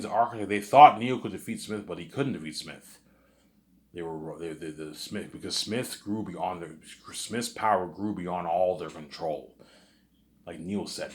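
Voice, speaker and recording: A man with a very deep, low voice talks on his own in a loose, rambling monologue. He boasts and repeats himself, restarts his sentences and keeps tagging them with filler phrases. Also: normal speed. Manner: repetitive, restarts, keeps saying "obviously" and "you know what I'm saying". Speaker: vlogger.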